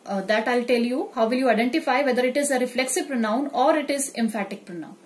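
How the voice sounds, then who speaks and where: A woman's voice: on the high side, fast. A woman teaching a grammar lesson, explaining step by step and repeating examples.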